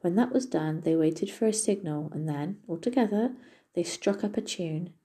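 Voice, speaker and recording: A woman reading a fairy tale aloud as a storyteller, in a steady, gentle manner. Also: on the low side, moderate pace, breathy edge. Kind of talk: storybook narration.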